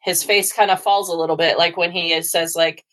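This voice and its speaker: A woman with a slightly low voice, talking casually on a podcast. She works through her thoughts out loud, hesitating and restarting as she goes. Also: steady tone, a little fast. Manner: hesitant, thinks aloud with many restarts. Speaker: podcast co-host. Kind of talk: casual chat.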